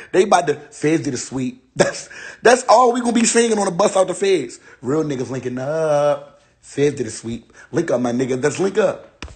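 A young man on a phone livestream, joking in an exaggerated, repetitive rant and laughing between lines. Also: a little high. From Ohio. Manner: laughing, exaggerated mock despair, repeats lines. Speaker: internet personality. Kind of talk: joking live-stream rant.

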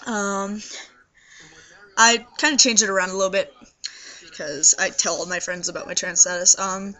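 A young trans man with a high voice and a scratchy throat, rambling tiredly to the camera in a casual video diary. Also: fairly even intonation, normal speed, pushed and bright. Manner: rambling, tired, many fillers. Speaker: video blogger. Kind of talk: casual vlog monologue.

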